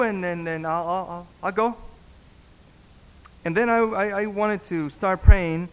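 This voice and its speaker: A man, a pastor, telling a story in a sermon, halting and repeating words as he acts out the dialogue. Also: sits high, clean tone. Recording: long reverb in a hall.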